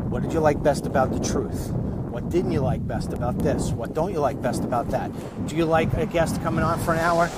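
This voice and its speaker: A vlog host walks outdoors for a casual walk-and-talk, rambling and often restarting and repeating his words. His voice is medium-pitched, with background noise audible.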